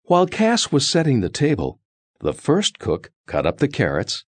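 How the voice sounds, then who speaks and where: A man reading a children's story aloud in a slow, expressive, sing-song way. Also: medium pitch, slightly rough, dry recording.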